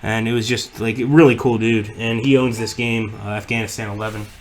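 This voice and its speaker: A man's voice: lowish voice, fairly even intonation, fairly quick, a little hiss or hum. Rambling, swearing male streamer. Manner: rambling, profane, lots of fillers. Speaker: livestream host. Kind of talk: casual chat.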